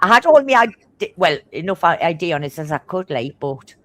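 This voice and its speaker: Foul-mouthed Geordie woman, fast. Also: fairly low pitch, no room sound. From Newcastle, England. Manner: swears constantly, blunt and animated; talks fast. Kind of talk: casual chat, storytelling.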